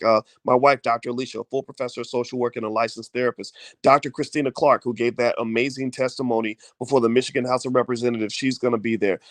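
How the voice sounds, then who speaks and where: A man's voice: mid-range voice, no room sound. A middle-aged man hosting a casual video talk, fervent and full of fillers and repeated words. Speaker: host.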